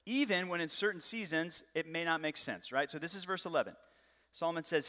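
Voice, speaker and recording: A man in his thirties preaching a sermon in a fairly high, bright voice. He keeps it lively and conversational, with jokes along the way. His voice rings out in a long reverb that fills the hall. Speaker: pastor.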